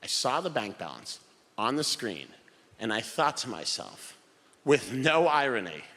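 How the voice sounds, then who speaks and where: Animated male comic with a bright voice. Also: mid-range voice, a little slow. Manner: animated, wry storytelling. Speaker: stand-up comedian. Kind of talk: stand-up comedy. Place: comedy venue stage. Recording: live hall reverb, faint room noise.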